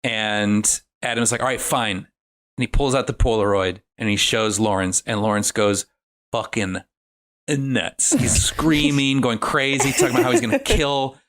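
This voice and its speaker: A man's voice: medium pitch, unhurried, fairly bright tone. A man in casual chat, recapping a film in a loose, rambling way with many fillers. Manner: rambling, filler-heavy storytelling. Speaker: podcast guest recapping a film.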